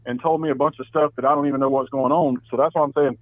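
A man's voice: medium pitch, steady tone, rapid-fire, crowd noise. An older man taking a phone call, firm and insistent, heard over a phone line. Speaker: prank call target.

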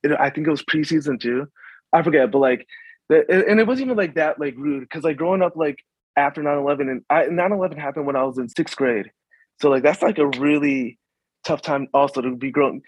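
This halting guest, a young man from the DC suburbs, keeps restarting and leaning on fillers during a casual conversation. His fairly high, husky voice comes through without echo, though the audio quality is poor.

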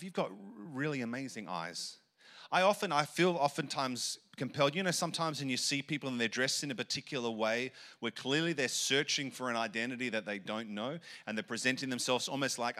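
An Australian man giving a sermon in a bright, sharp voice. He tells his stories conversationally, stopping and restarting often as he goes. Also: medium pitch. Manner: rambling, conversational storytelling with many restarts. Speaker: pastor.

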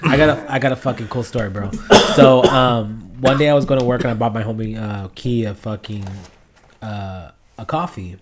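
A man's voice: medium pitch, normal speed, a loud crowd. Young male podcast co-host, casual and profane, loose storyteller. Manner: laid-back, swears a lot, rambling storyteller. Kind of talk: casual chat.

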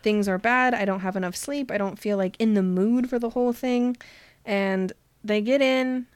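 A woman hosting a casual book chat, retelling scenes with lots of quick voiced quotes and laughter. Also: mid-range voice, clear, resonant tone, dry recording. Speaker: podcast host recapping a book.

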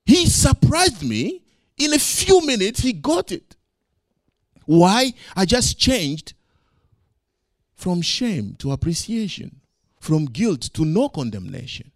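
A man preaching a sermon as pastor, swinging from loud emphasis to quiet asides and acting out his own quoted words. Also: high voice, huge pitch swings, slow pace, long pauses, no room sound, studio quality.

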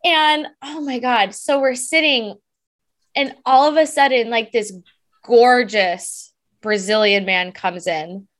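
A woman's voice: a little high, slow, fairly bright tone. A woman from Southern California, a psychic medium guest, talking about her readings in an effusive, enthusiastic way. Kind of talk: casual interview.

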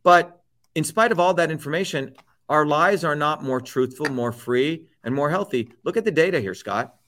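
A man's voice: on the high side, lively intonation, normal speed, fairly bright tone. Profane, fiery middle-aged man. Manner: profane, emphatic, repetitive. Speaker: guest. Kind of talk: heated political rant.

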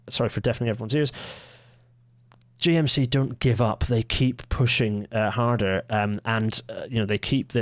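A man's voice: on the low side, no echo, studio quality. A man hosting a casual livestreamed podcast, rambling with fillers, asides and self-corrections. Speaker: podcast host.

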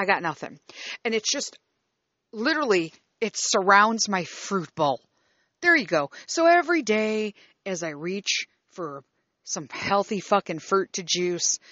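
A woman in her fifties rants casually and profanely to her viewers, exasperated, rambling, and restarting sentences. Her mid-range voice is sharp, and the recording sounds dry and muffled.

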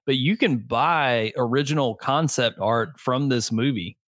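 A man's voice: mid-range voice, a little slow, fairly bright tone, dry recording, clean studio sound. A man co-hosting a podcast, chatting in a laid-back way with frequent fillers. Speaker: podcast host. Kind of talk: casual chat.

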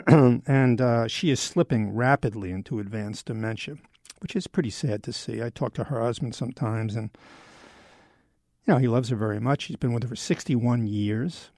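A man in his early seventies muses aloud in a loose, rambling way, joking at his own expense. His voice has a gravelly, creaky texture at a middling pitch. The sound is dry and close, with no room around it. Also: normal speed, darkish tone, dry recording. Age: 70s. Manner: rambling, self-deprecating, wry. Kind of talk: casual monologue.

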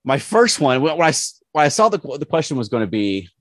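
A man hosting a podcast, telling a story quickly between laughs and false starts. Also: a little high, big pitch swings, dry recording. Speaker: podcast host. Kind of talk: casual podcast chat.

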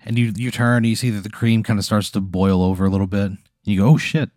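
A man's voice: on the low side, fairly even intonation, quick pace, darkish tone, no echo, studio quality. A man hosting a podcast, spinning a laid-back, profane improvised story in the second person. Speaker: podcast host.

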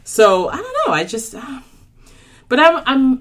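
A woman's voice: high-pitched, very animated, a little slow, a bit bright. A woman talking as a podcast guest in casual chat, often hesitating and restarting.

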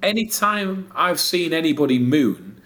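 A man's voice: on the high side, sing-song, unhurried, a bit bright. Sarcastic man picking a story apart. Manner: sarcastic, picks apart details, mock-indignant. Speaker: podcast co-host. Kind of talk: comedic podcast chat.

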